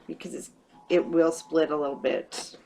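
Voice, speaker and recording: A woman's voice: low-pitched, fairly even intonation, normal speed, background noise. A woman casually talking through a paper craft project step by step, thinking aloud as she works. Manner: chatty, thinks aloud while working. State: hiccups. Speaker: craft tutorial host.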